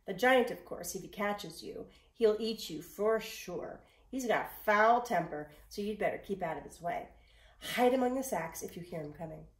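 A fretful little old woman with a high, hushed, anxious voice, as a woman reading a storybook puts her on. She draws out her words, and the voice rings around an echoey room. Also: lively intonation, normal speed, close to an everyday voice.

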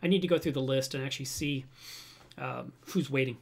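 A talkative man hosting a casual livestream from a room at home, speaking to his webcam at a middle pitch. He tells stories in an animated, chatty way and answers his viewers as he goes. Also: fairly quick, creaky, husky. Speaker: reef aquarium livestream host. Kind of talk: casual livestream chat, reading viewer comments.

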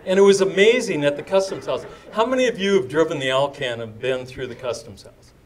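A man's voice: fairly high pitch, lively intonation, fairly quick, a little hiss or hum. An older man telling a story to a live audience, chatty and digressive, with asides to the crowd. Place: indoor event before a live audience.

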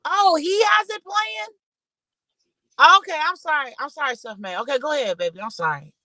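A woman's voice: high voice, normal speed, bright, forceful tone, dry recording, poor audio. A woman hosting a casual livestream, talking bluntly and swearing freely as she scolds her guests. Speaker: livestream host.

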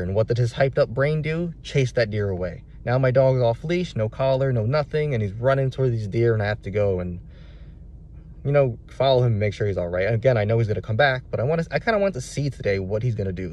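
A man's voice: mid-range voice, darkish tone. A young adult man, a dog trainer, telling a story in a casual vlog, rambling and candid with many restarts.

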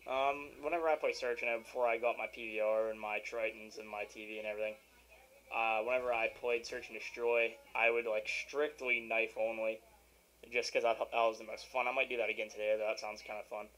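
A man's voice: fairly low pitch, level tone, a little fast, fairly bright tone, low-quality recording. A young man giving casual, rambling commentary over his own gameplay at home, with easy irritation and sarcastic asides. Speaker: gaming video commentator. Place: at home by his game console.

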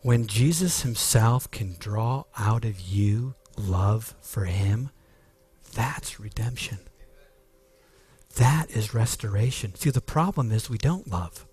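Slow earnest male preacher. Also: lowish voice, animated, a little mellow, husky. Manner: earnest, emphatic preaching with restarts. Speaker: pastor. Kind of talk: sermon.

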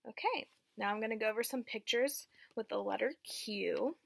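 A young woman teaching a preschool phonics lesson, slow and encouraging, asking children to repeat after her. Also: fairly high pitch, creaky, a bit bright.

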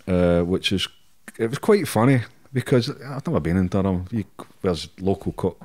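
A man's voice: low voice, animated, normal speed, darkish tone. A middle-aged Scottish man telling stories in a casual interview, swearing often and laughing through his anecdotes. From Scotland. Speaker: podcast guest.

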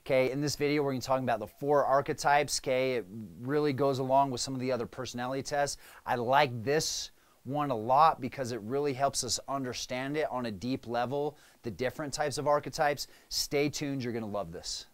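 A business coach talks casually to camera, tagging his points with frequent "right?" and "okay?" check-ins for his viewers. His mid-range voice holds steady and moves a little fast.

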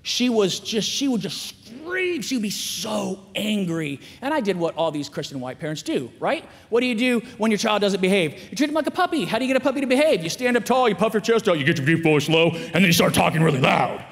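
Man, chapel speaker, candid storytelling, husky high voice, long hall reverb. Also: brisk, few pauses. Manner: candid, self-mocking, animated. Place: school chapel.

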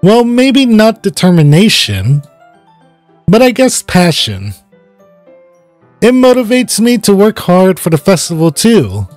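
A man's voice: high voice, wildly swooping pitch, slow, pauses often, a little mellow, no room sound, soft background music, exaggerated voice. A man reading the lines of a confident, friendly teenage club president from a visual novel in his own plain voice.

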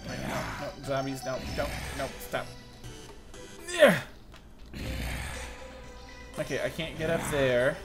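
A young man commenting casually as he plays a video game, excitable and self-mocking, with sudden loud outbursts. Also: medium pitch, moderate pace, hardly any pauses. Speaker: gaming channel host. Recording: faint music behind the voice.

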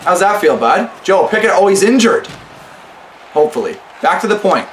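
A man's voice: high voice, very animated, normal speed, reverberant, a little hiss or hum. A young man hosting a gaming channel, giving sarcastic let's-play commentary and talking back to an in-game coach.

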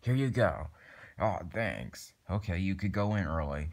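A man's voice: low-pitched, big pitch swings, a little slow. A young man improvising a toy skit and doing all the voices, rambling with many fillers and restarts. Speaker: plush toy video maker.

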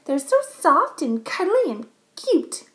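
A high, squealing little girl, fussy and easily scared, put on by a woman reading aloud. Her voice leaps up and down as she whines. It is a children's storybook reading at an unhurried pace. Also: expressive, roomy sound. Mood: gushing. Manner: whining, squealing.

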